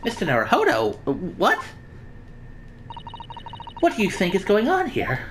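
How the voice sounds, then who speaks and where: A woman's voice: mid-range voice, huge pitch swings, unhurried, background noise. A woman voicing a polite, formal young female legal assistant in a game. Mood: worried. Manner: courteous, formal.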